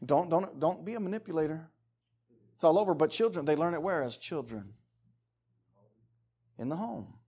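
A man's voice: a little high, lively intonation, normal speed, long pauses, darkish tone, husky. Emphatic conversational man preaching. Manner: conversational, emphatic, acts out quoted voices. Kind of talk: casual sermon.

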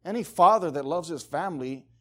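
A man's voice: fairly high pitch, expressive, fairly quick. Emphatic conversational man preaching. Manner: conversational, emphatic, acts out quoted voices. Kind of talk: casual sermon.

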